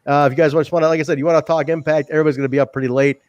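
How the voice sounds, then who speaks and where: A man's voice: a little high, level tone, rapid-fire, a little mellow, dry recording, dull audio. A man hosting a wrestling podcast, signing off with loose, profane banter. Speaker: podcast host. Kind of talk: casual chat.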